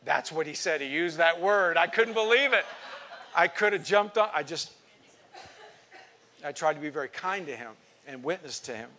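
A man preaching a sermon to his congregation, telling a personal story and swinging from quiet asides to emphatic outbursts. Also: on the high side, animated, moderate pace, a little hiss or hum. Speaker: pastor.

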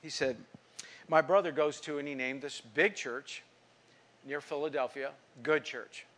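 A man's voice: a little high, fairly even intonation, measured pace. Emphatic storytelling preacher man. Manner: storytelling, acting out quoted speech; emphatic preaching with sudden drops to quiet. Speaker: pastor. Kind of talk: sermon.

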